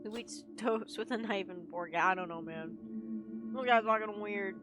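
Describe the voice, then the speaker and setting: A woman's voice: medium pitch, normal speed. A young woman streaming a horror game, chatting casually, swearing freely and bursting out when frustrated, with game music playing behind her. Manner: blunt, swears freely, excitable outbursts. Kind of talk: casual gaming stream commentary.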